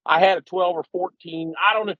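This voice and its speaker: A man's voice: sits high, fairly even intonation, fairly quick, no echo. A man, telling a long rambling, self-deprecating story while calling in to a podcast. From Missouri, USA. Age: 50s. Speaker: regular podcast guest. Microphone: phone call. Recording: muffled lo-fi call-in audio.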